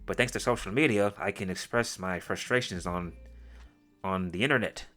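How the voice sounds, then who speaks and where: A bitter, jealous middle-aged woman pours out self-pity about her lost youth, as a man mocks her. The voice stays low and deep, pushed loud, with a sneer under it. Soft music plays behind. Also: normal speed. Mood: mocking. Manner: mocking, self-pitying.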